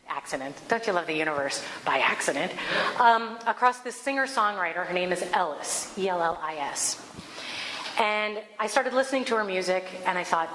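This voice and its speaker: Woman host, bright voice, echoey room with long reverb, animated storyteller, spiritual talk. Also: mid-range voice. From Alaska. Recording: echoey room, faint background noise.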